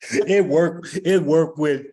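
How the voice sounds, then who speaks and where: A man's voice: fairly high pitch, mellow, husky. A man who works as a direct sales recruiter tells an anecdote, acting out both sides of the conversation and chuckling at his own story. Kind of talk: storytelling talk.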